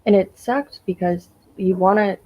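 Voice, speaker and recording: A woman's voice: mid-range voice, unhurried, muffled recording. A woman guest in a casual livestream chat, speaking frankly and emphatically and swearing now and then.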